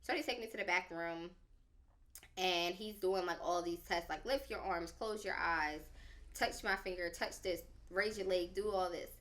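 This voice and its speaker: Lively low-voiced woman telling a story. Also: moderate pace. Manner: animated and dramatic, slangy, lots of "like". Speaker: podcast speaker. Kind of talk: casual storytelling.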